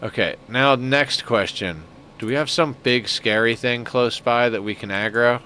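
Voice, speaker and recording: A young man streaming a game, chatting casually and musing out loud, with lots of filler words. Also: mid-range voice, unhurried, slight background noise. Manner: rambling, reflective, many filler "like"s; cooing baby talk to a pet. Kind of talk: casual gameplay stream chat.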